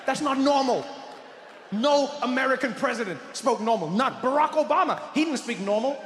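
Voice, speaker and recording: A middle-aged man doing an animated stand-up comedy routine, often slipping into voices and impressions. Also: very high-pitched, brisk. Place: large comedy venue. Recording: echoey venue with long reverb and faint noise.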